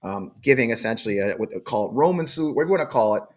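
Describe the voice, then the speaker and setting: Male host in his forties, middle pitch; blunt, defiant, swears freely. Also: animated, rapid-fire. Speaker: show host. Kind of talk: live show monologue.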